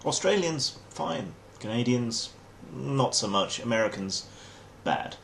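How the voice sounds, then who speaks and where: A man's voice: medium pitch, lively intonation, slow, gravelly, a little hiss or hum. An English man hosting a comic explainer monologue in a dry, wry, mock-formal manner. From England. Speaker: host.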